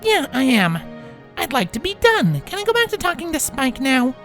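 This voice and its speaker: A prim, bookish young mare with a precise, slightly impatient way of speaking, as a woman acts her out. Her voice sits far higher than a grown woman's. It swings widely in pitch. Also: wildly swooping pitch, normal speed, over music. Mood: irked. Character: young female unicorn, prim, bookish, exasperated. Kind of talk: fan fiction reading.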